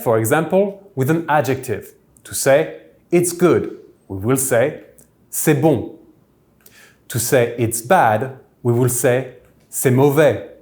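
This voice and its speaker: Man as a patient language teacher, unhurried, even middle voice, spells out each French example. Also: medium pitch. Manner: clear, measured explanations, French words said slowly. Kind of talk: recorded language lesson. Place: church hall classroom.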